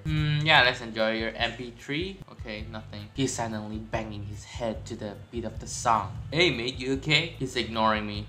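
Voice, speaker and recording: A man gives casual commentary as he plays a video game, jokey and rambling, often poking fun at himself. His voice is bright and forward, with faint game music underneath. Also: mid-range voice, measured pace. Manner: jokey, rambling, self-mocking. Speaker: gaming channel host.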